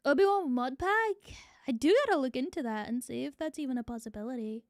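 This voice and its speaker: A woman's voice: high-pitched, expressive, a little fast, no echo, studio quality. A young adult woman streamer chatting casually to her viewers, swearing freely. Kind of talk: casual live-stream chat.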